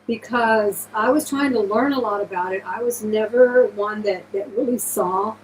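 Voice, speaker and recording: A woman's voice: medium pitch, normal speed, slight background noise, low-quality recording. A woman hosting a live-stream jewelry auction, chatting casually and gushing thanks to her viewers.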